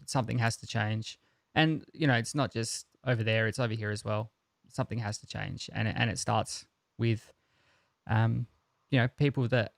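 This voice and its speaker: Fairly low and gravelly, this man's voice carries a flat, earnest, opinionated tone as he co-hosts a tech podcast. He talks casually, stumbling through ums and restarts, captured close and dry without room sound.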